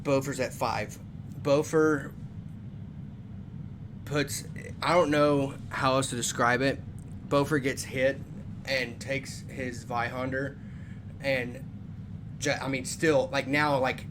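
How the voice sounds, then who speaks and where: A man's voice: mid-range voice, little pitch movement, slow, pauses often. A man playing a tabletop game, describing his character and often hesitating as he searches for words. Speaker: player. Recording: noisy background.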